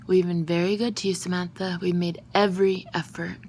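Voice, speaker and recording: A woman's voice: fairly low pitch, little pitch movement, brisk, slight background noise, lightly acted. A woman reading as a haughty lady employer. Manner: haughty, lecturing. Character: snobbish haughty lady of the house.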